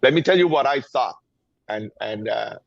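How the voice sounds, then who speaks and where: A man's voice: medium pitch, animated, normal speed, vocal fry, no echo, lo-fi sound. A man with a Venezuelan Spanish accent, a guest giving impassioned interview answers in an emphatic, urgent way, often repeating words as he presses his point. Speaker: guest, gun-violence activist.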